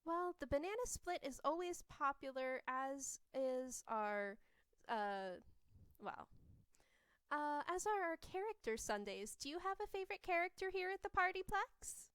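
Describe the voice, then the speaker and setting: A woman's voice: high voice, lively intonation, measured pace, fairly bright tone, no echo, pitched above the performer's own voice. A woman voicing a weary female animatronic waitress on roller skates, speaking in polite scripted service phrases.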